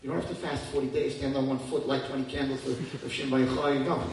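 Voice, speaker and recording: A man in his fifties giving a lively religious talk, swinging from hushed tones to near-shouting. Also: mid-range voice, fairly quick, a little hiss or hum. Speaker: religious teacher. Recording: echoey hall from far off.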